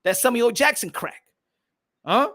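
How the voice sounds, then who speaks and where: High-pitched ranting man. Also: animated, measured pace. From United States. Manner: loud, slangy, mocking, repetitive. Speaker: boxing commentator. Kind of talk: animated ranting commentary.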